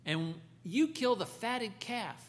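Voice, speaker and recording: A man voicing a resentful older brother who shouts his indignant complaints, in a sermon retelling. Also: high voice, animated, slow, voice pushed up.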